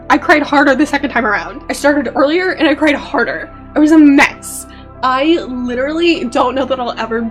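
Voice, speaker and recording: High-voiced, excitable young woman. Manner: excitable, emotional, laughs often, animated outbursts. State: teary. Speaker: vlogger reviewing a show while drawing. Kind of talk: casual chat.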